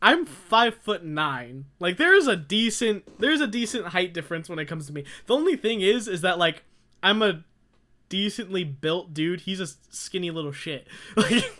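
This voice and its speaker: A young man co-hosting a podcast, his voice sitting noticeably high. He tells long, rambling stories in casual chat, laughing often and slipping into his friends' voices as he acts out what they said. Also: lively intonation, normal speed, sharp tone. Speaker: podcast co-host.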